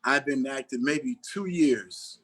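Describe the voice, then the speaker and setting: A man's voice: mid-range voice, takes it slowly. A middle-aged man, an actor being interviewed on a podcast, telling a personal story and acting out the lines of the people in it. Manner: animated storyteller who acts out dialogue.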